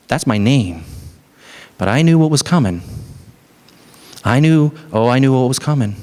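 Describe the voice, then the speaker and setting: A male pastor delivering an Easter sermon in a middle-pitched voice. He preaches conversationally, leaning into stories and rising to earnest emphasis. His delivery feels like a pastor talking straight to his congregation. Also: moderate pace. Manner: animated storytelling, conversational.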